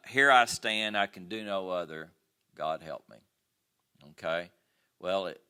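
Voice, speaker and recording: A man's voice: low-pitched, bright, forceful tone. An older man teaching a history class, talking casually with fillers and stories from his own travels. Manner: conversational, with many fillers and personal anecdotes. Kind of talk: classroom lecture.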